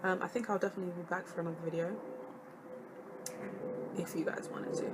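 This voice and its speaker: A woman's voice: lowish voice, fairly even intonation, quick pace, very noisy. A young woman, a student vlogger chatting casually to camera, sassy and jokey with lots of laughing asides. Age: young adult.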